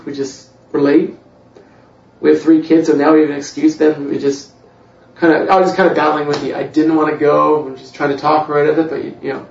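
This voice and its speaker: Speaking in a fairly high, darkish voice, a Canadian church worship director gives a humorous, self-deprecating personal faith testimony full of fillers. He's in a church hall, captured by a dull, distant mic in an echoey room.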